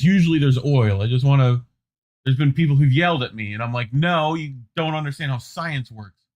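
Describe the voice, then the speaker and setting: A man co-hosting a news show in loose, rambling casual commentary, with profane asides. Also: on the high side. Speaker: co-host.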